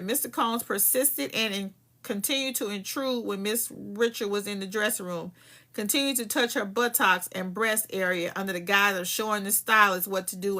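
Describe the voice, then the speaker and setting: A woman's voice: fairly high pitch, sharp tone. A woman hosting a podcast, reading a legal filing aloud and breaking off into profane, heated commentary. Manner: profane, heated, emphatic asides between read passages.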